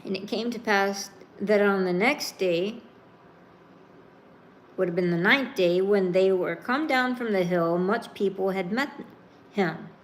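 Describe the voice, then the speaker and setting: A woman preaching a sermon, reading scripture and then explaining it in a slow, emphatic, informal way. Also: medium pitch, slight background noise.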